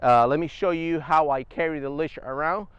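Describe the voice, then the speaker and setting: Man with a smooth, dry voice. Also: a little high, normal speed, dry recording, dull audio. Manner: relaxed step-by-step explaining. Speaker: service dog trainer. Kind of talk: casual instructional vlog. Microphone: wireless clip-on mic.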